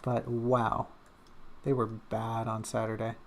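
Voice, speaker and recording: Streamer, casual drawing-stream chat, gravelly fry, rambling and self-mocking, talking into a desk mic at home. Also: medium pitch, monotone, slow, slight background noise. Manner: rambling and self-mocking, with many fillers and little hums.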